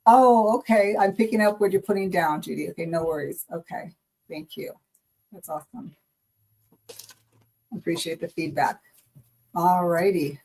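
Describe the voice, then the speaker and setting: A woman's voice: on the low side, normal speed, pauses often, warm tone, poor audio. Chatty upbeat woman hosting a stream. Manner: upbeat, chatty, easily delighted. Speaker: livestream reading host. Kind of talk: casual livestream chat.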